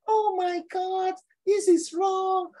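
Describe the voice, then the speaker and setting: A preachy vegan woman shrieks in horror, her voice pushed very high and drawn out slowly, as a man mocks her. The exaggerated, wailing outrage sounds like a parody. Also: level tone, darkish tone. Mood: appalled.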